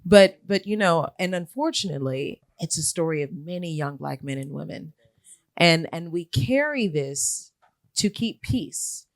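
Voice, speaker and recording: A woman's voice: low-pitched, lively intonation, a little slow, dry recording. A reflective woman host, recorded dry. She leads a conversational interview, affirming and prompting her guest.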